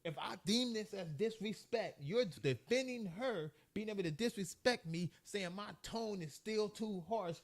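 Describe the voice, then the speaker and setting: A man talking in a heated live discussion, emphatic and assertive. His voice sits a little higher than usual, and he repeats his points to drive them home. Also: unhurried, hardly any pauses. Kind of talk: heated casual debate.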